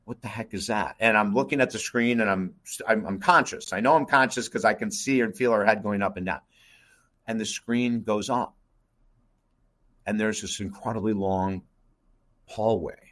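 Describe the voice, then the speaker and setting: Earnest low-voiced man telling a story. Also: moderate pace, fairly bright tone. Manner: earnest, intense, addresses host by name. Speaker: guest, life coach. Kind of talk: emotional personal storytelling.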